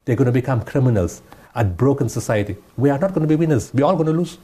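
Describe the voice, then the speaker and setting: A man's voice: mid-range voice, lively intonation, fast talker, warm tone, slightly rough. A man giving impassioned interview answers, emphatic and repeating his points. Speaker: guest humanitarian speaker.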